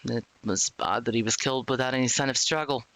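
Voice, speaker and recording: A streamer voicing a hard-nosed male police detective in a video game, speaking low and accusing. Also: steady tone, quick pace, fairly bright tone, no room sound, close to an everyday voice. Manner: accusing, blunt.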